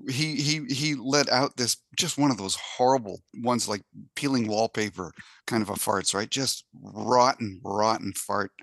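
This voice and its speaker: A man's voice: mid-range voice, measured pace, a bit bright, no echo. A man telling rambling stories on a casual comedy podcast. His voice sits mid-range, and he laughs through his own tales. The sound is dry and close to the mic. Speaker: podcast co-host.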